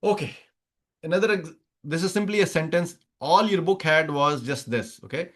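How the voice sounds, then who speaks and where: This is a man teaching Arabic grammar in an online class, his voice a little high and a bit bright, moving at a moderate pace. He explains each step, repeats examples, and checks in to confirm students understand.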